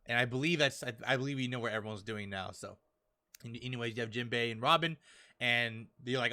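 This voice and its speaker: Excited bright-voiced man recapping a chapter. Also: medium pitch. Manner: enthusiastic, acts out characters' lines in quick quoted bits, laughs often. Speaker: podcast host reviewing a manga chapter. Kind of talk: casual excited chat.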